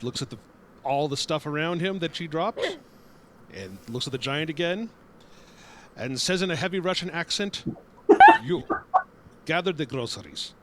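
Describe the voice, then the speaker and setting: A man's voice: a little high, lively intonation, normal speed, long pauses, heavy background noise. A man improvising a story for friends on a call, often laughing and correcting himself. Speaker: player telling the story.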